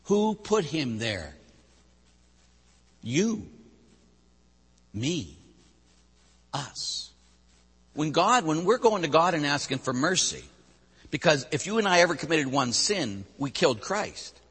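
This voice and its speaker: A man, a Catholic priest preaching a sermon, swinging between loud bursts and hushed drops. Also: a little high, very animated, slow pace, long pauses, slightly rough. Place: church. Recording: long church reverb.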